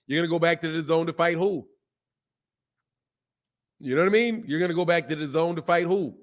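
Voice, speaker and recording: Animated man hosting a boxing live stream. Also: a little high, brisk, long pauses. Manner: animated, talkative, reads chat names aloud. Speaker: boxing channel host. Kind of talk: casual live-stream chat.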